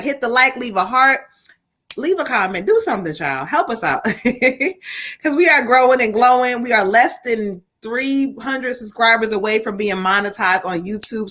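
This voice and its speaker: A woman's voice: mid-range voice, pushed and bright. A woman hosting a live tarot reading, blunt and emphatic and full of profanity. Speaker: livestream host and tarot reader.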